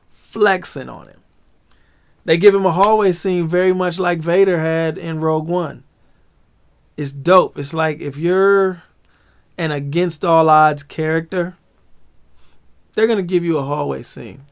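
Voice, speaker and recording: Slow, gravelly man recapping a show. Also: fairly high pitch. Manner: animated, slangy, laughs often. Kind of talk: casual episode breakdown.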